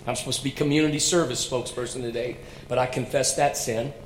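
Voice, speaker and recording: A man, a pastor, telling a heartfelt story earnestly, dropping to a hush and then rising loud. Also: medium pitch, steady tone, fast. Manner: earnest, swinging between hushed and loud. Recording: roomy sound with faint hum.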